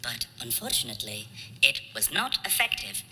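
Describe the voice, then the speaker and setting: A woman voicing a polite assistant droid pilot, speaking in formal, measured machine phrases. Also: very deep voice, sing-song, sharp tone, a little hiss or hum, full character voice. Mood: calm report. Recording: reverberant hall, faint music.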